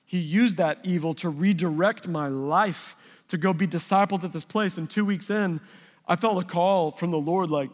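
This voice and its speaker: Animated man preaching in a reverberant hall. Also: high voice, normal speed. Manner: animated storytelling, voicing people in his anecdotes. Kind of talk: sermon.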